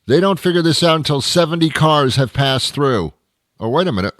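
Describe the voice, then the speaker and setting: A man's voice: a little high, animated, a little fast, fairly bright tone, no room sound, studio quality. A man hosting a comedy show, delivering a rambling, grumbling monologue with stammered restarts.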